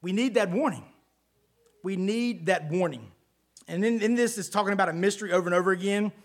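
A man's voice: high-pitched, fairly bright tone. A man preaching a casual, conversational sermon, folksy and chatty with asides and frequent check-ins with his listeners.

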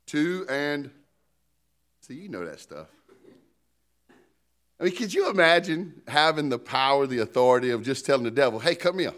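A man's voice: mid-range voice, very animated, moderate pace, pauses often, fairly bright tone. A man preaching a sermon in a conversational, joking style, calling out to the congregation for responses and an amen. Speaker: pastor.

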